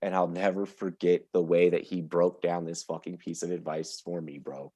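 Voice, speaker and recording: A man telling a long story on a podcast in a loose, profane, animated way, often laughing through it. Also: sits low, normal speed, slightly rough. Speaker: podcast guest. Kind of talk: casual storytelling.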